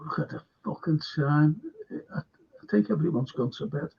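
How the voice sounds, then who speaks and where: An older man hosting a casual fan podcast, rambling, animated and swearing a lot. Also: on the high side, normal speed, vocal fry, slightly rough. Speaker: host. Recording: dull lo-fi call audio.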